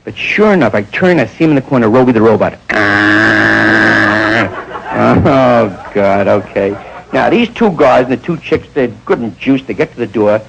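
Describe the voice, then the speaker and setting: A man doing stand-up storytelling, jumping into quick voices of the people in his stories. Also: lowish voice, expressive, creaky, fairly bright tone, a little hiss or hum, low-quality recording. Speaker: stand-up comedian.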